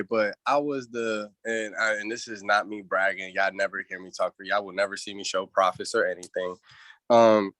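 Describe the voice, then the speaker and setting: A man's voice: on the low side, steady tone, moderate pace, fairly bright tone, no echo. A man working as a trading analyst, speaking earnestly and rambling, with spiritual asides. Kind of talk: casual livestream talk.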